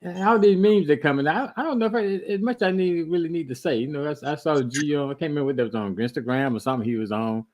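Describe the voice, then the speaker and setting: Halting man talking sports trash. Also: a little high, darkish tone, a little hiss or hum. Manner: trash-talking, halting speech with many restarts. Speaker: podcast co-host. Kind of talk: casual sports chat.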